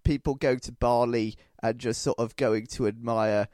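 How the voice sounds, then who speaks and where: A man's voice: mid-range voice, fairly even intonation, moderate pace, a little mellow, dry recording. A man hosting a podcast, talking casually in a hesitant, dry, self-deprecating way. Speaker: podcast host. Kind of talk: casual chat.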